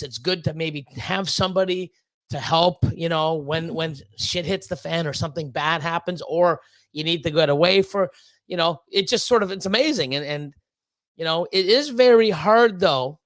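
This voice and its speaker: Man, livestream host, high voice, dry close sound, rambling casual chat with fillers and swearing. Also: a bit bright, no room sound.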